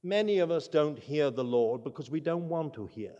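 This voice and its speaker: A man preaching a sermon, telling stories with emphasis and slowing his words to stress key points. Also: on the high side, animated, dark tone, dull audio. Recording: long hall reverb.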